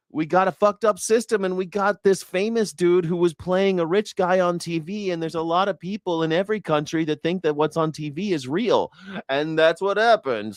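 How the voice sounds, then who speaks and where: A man's voice: on the high side, dry recording, studio quality. A man doing casual livestream commentary, telling rambling, profane, jokey stories and acting out what people said. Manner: rambling, profane, jokey storytelling with acted-out quotes. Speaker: independent news and culture commentator.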